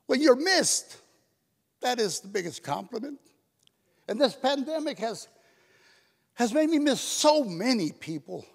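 A man's voice: very high-pitched, sing-song, measured pace, vocal fry, pauses often. Older man telling stories in an echoey hall. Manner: storytelling, mimics his mother's voice, emotional. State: tearful. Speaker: comedian giving award speech. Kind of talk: stand-up style speech at a banquet. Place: hotel ballroom.

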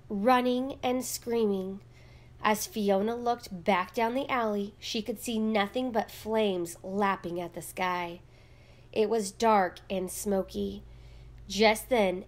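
A woman reading a children's picture book aloud with gentle, measured storytelling. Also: mid-range voice. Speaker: read-aloud narrator.

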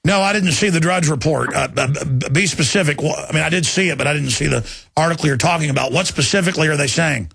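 A combative talk radio host, a man in his thirties with a Texan accent, and his voice is gravelly and husky. He talks fast, repeats himself, and sits a touch high for a man. The studio sound is dry and close. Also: a bit bright, dry recording. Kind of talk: talk radio monologue and call-in. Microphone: studio microphone.

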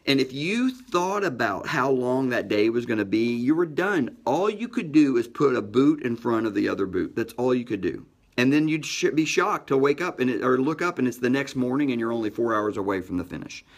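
A middle-aged man in a motivational talk, his pitch climbing and dropping for emphasis. He speaks in a medium register with a lively, punchy delivery. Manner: energetic, shifts pitch and pace for emphasis. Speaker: motivational podcast host. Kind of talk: motivational storytelling.

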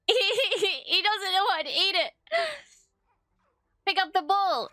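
High, bright-voiced young woman reacting. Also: slow pace, no room sound. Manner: excitable, exclaiming and swearing. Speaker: reaction video host. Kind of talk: casual reaction commentary.

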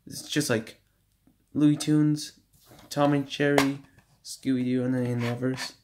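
A man at home casually showing off his DVD collection, reading out running times in a halting, stumbling way. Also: medium pitch, flat delivery. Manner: shouts at noisy kids, then apologizes. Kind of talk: casual home video show-and-tell. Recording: faint background noise.

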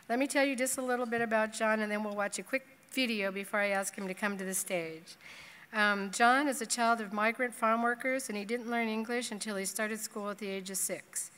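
A woman's voice: fairly high pitch, fairly bright tone. A woman emceeing a conference, reading a prepared introduction of the keynote speaker. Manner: reads a prepared bio. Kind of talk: scripted introduction. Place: large conference hall. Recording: reverberant hall.

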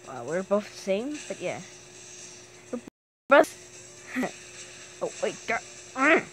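A woman hosting casual gameplay commentary, talking to herself while she plays and bursting into excited shrieks and yelps. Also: medium pitch, takes it slowly, long pauses, faint music behind. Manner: talks to herself while playing. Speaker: gaming channel host.

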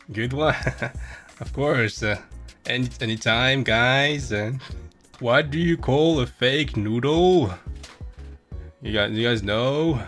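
Bright, unhurried young man streaming. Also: mid-range voice. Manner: teasing, goofy, reads chat questions aloud and jokes. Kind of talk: playful live-stream chat, impersonating another streamer.

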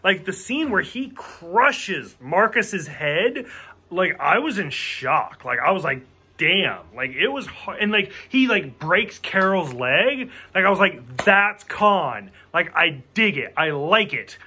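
A man with a high, bright voice giving a casual movie review. He rants frankly and swears freely, leaning on "like" as filler. He acts out quoted lines as he goes. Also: very animated, slow pace, breathy edge.

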